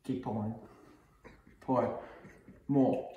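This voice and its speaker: A man hosting a parody cooking show, bossing his helper around and yelling insults between laughs. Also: mid-range voice, fairly even intonation, extremely slow, lo-fi sound. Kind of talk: comic improvised cooking demo. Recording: roomy echoey room, faint noise.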